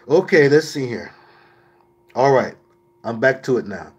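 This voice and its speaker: A man's voice: medium pitch, expressive, a little slow, slightly rough, dull audio. A man hosting a livestream, answering viewer questions in an emphatic, preachy way with mocking asides.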